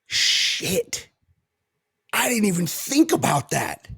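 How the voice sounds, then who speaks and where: A man co-hosting a casual sports podcast, excitable and profane, riffing and joking. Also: high-pitched, takes it slowly, vocal fry, husky. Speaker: podcast co-host. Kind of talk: casual chat.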